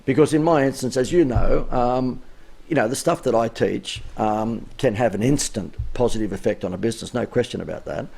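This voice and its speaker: A man talks through a business coaching session in a chatty, emphatic way, his sentences often lifting at the end. His voice is gravelly and sounds a little worn out, with a middle pitch. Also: a little fast, darkish tone. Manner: chatty, emphatic, rising inflection. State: voice wearing out. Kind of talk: live-streamed coaching talk.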